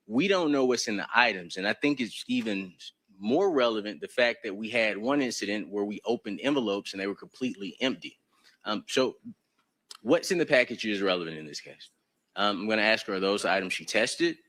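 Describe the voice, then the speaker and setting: A man's voice: fairly low pitch, a bit bright. A man, a defense attorney, arguing formally in court. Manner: brisk, formal. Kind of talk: courtroom argument.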